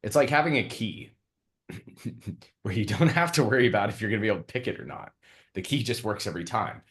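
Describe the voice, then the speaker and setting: Man, low voice, co-host, relaxed storyteller, casual business chat. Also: fast talker. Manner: laid-back storyteller, casual swearing.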